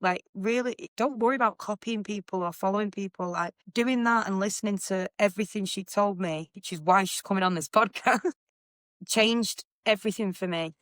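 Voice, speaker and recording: A young woman with a Mancunian accent chats straight into a dry, close mic as host of her own podcast. Her voice sits at an ordinary middle pitch. She talks in a loose, blunt way and swears without a second thought. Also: moderate pace, fairly bright tone, no room sound. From Manchester, England. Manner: chatty and blunt, swears freely. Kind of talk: casual chat.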